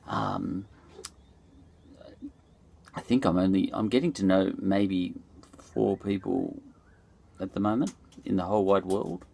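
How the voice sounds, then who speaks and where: Gravelly Australian man musing aloud. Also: deep voice. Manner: musing, loose and digressive, many fillers. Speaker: podcast host. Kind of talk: rambling reflective monologue.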